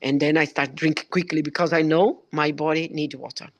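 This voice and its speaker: A woman's voice: low-pitched, fairly even intonation, moderate pace, no room sound, lo-fi sound. A woman speaking as a shares an emotional, earnest testimonial on an online call. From Belgium. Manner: emotional, earnest, broken English. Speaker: product presenter.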